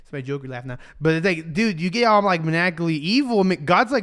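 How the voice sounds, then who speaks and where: A man's voice: a little high, expressive, fast, hardly any pauses, a bit bright. A young man preaching a casual sermon, slangy and joking, often laughing at his own jokes.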